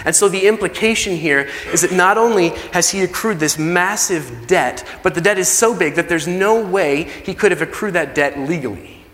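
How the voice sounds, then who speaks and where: A man's voice: sits high, moderate pace, hardly any pauses, a bit bright, a little hiss or hum. Man preaching in a reverberant hall. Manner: conversational preaching, acts out quoted pleas. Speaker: pastor. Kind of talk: sermon. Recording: long reverb of a large hall.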